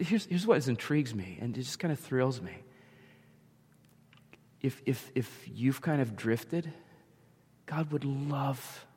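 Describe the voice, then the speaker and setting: A man's voice: mid-range voice, a little mellow, slightly rough. A man preaching an earnest sermon, paraphrasing scripture as heartfelt prayer and telling everyday stories. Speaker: pastor. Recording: long hall reverb.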